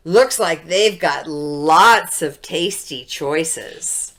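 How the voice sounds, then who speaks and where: A woman teacher reading a picture book aloud to children, gently asking her young listeners questions. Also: deep voice, very slow, few pauses. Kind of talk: children's read-aloud storytelling.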